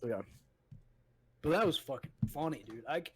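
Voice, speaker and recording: Young guy on a podcast, kinda high voice, swears a lot, acts out what people said. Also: moderate pace, noisy background. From United States. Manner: profane, animated storytelling with acted quotes. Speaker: podcast co-host. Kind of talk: casual storytelling chat.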